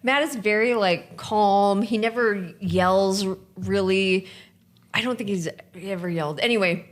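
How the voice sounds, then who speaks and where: A woman's voice: medium pitch, unhurried. A woman co-hosting a podcast, telling a story in casual chat and laughing as she goes. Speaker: podcast co-host.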